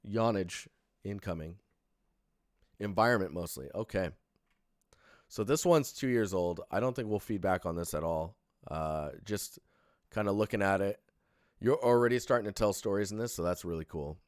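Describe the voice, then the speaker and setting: Young male streamer, very low voice, dry close sound, sleepy rambling critique. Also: moderate pace, dry recording. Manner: relaxed, rambling, many fillers and restarts. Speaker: streamer reviewing portfolios. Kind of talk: casual live-stream critique.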